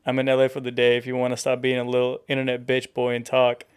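A man's voice: mid-range voice, monotone, fast talker, clean tone. A man co-hosting a podcast, talking in a laid-back way with swearing and reading texts aloud. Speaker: podcast co-host. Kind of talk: casual chat.

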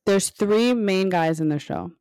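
A woman's voice: mid-range voice, unhurried, a little mellow, smooth, no room sound, clean studio sound. A woman co-hosting a casual podcast quiz, chatty and swearing freely as she coaxes with hints. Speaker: podcast co-host asking quiz questions. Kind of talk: casual chat.

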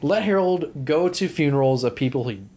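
A man's voice: fairly high pitch, lively intonation, moderate pace, warm tone. A young man co-hosting a casual movie podcast, rambling and swearing freely. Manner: rambling, swears, laughs often. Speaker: podcast co-host.

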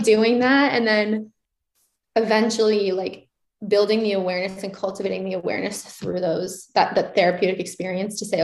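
A woman's voice: medium pitch, normal speed. Candid young woman in a roomy space. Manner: candid, animated, acts out her own inner questions. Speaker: guest. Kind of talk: casual reflective interview talk. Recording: roomy echoey sound.

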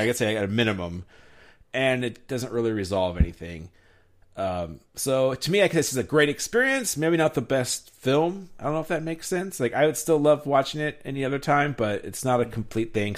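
A man's voice: mid-range voice, lively intonation, a little fast. A man hosting a casual movie review chat, rambling with many fillers and restarts as he asks questions. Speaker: podcast host.

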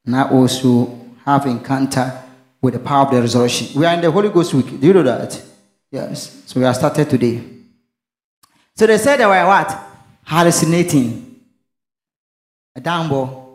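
A man's voice: medium pitch, moderate pace, long pauses, echoey room. A man, preaching a sermon and asking questions for the congregation to finish, mixing in local phrases. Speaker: pastor. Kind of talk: call-and-response sermon.

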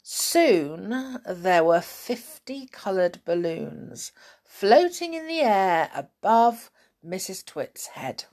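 A woman narrating a children's story aloud in an expressive, dramatic storytelling manner. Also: on the low side, slow pace.

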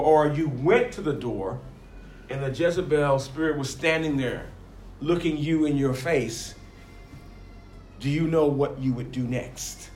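A man's voice: medium pitch, a little mellow, reverberant, a little hiss or hum. A man preaching a sermon, rising and falling emphatically and acting out the voices he quotes.

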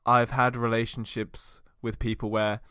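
A man's voice: mid-range voice, level tone, measured pace, sharp tone, smooth, no echo, clean studio sound. A man playing an escaped cartoon character at a tabletop game, sheepish and hesitant. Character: escaped cartoon alien boss, male, sheepish. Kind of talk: tabletop role-play in character.

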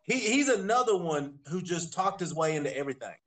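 Animated high-voiced man telling stories. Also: brisk. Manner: storytelling, laughing, profane. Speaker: podcast co-host. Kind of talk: casual chat.

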